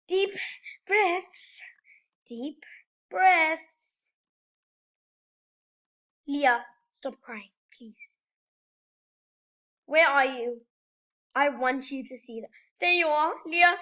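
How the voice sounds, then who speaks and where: Young female gamer vlogging, slow delivery, sharp bright tone, breathless squeals. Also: high voice. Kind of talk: excited gaming vlog commentary.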